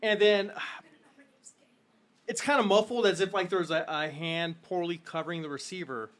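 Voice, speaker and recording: Animated woman game master narrating. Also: fairly low pitch, moderate pace. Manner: animated storyteller, laughs along.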